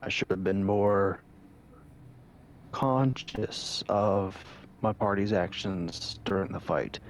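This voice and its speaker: A solemn party leader with a lowish voice, as a man speaks for him, choosing his words stiffly and earnestly. His speech is formal and careful, in a tabletop role-play game. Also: takes it slowly, a little hiss or hum.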